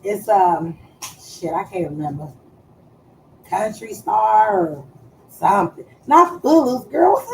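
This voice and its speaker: A woman chatting casually on a live stream, loud and playful, swearing freely and trailing off as she searches for words. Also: medium pitch, animated, slow pace, long pauses, a little hiss or hum, poor audio.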